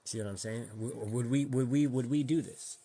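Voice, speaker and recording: A man speaks at an ordinary middle pitch in a loose, heated monologue to his audience. He talks in slang and swears casually. He keeps repeating himself as he presses his point. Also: normal speed, warm tone, husky, faint music behind. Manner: slangy, profane, heated and repetitive. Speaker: vlogger.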